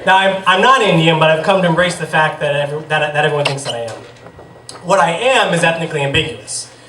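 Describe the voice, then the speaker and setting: A man's voice: fairly high pitch, quick pace. A man in his thirties from the Boston area telling a humorous personal story on stage, wry and self-deprecating. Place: bar stage with a live audience. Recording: echoey room, far from mic, noisy.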